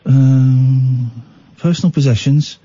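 A man's voice: medium pitch, fairly even intonation, dark tone, breathy edge, lo-fi sound. A man hosting a late-night radio phone-in, teasing and incredulous with his callers. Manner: incredulous, teasing, quick to mock. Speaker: radio host.

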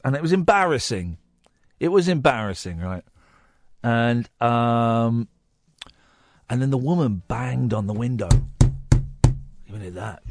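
A man hosts a radio phone-in, rambling animatedly through a story at a studio mic. His fairly high voice swoops wildly up and down. The sound is dry and close, with faint music underneath. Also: no room sound. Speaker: radio host.

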